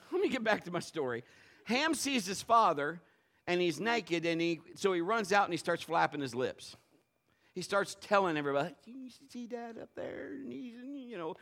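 In his sermon, a middle-aged pastor tells a story, dropping to low murmurs one moment and erupting into loud outbursts the next.

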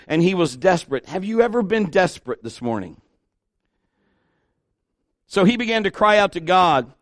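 A middle-aged pastor preaching an animated sermon, acting out the people he quotes. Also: fairly high pitch, dry recording, studio quality.

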